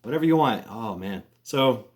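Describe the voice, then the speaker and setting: A man's voice: mid-range voice, lively intonation, moderate pace. Rambling male storyteller who swears casually. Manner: rambling, many restarts, swearing, chuckles.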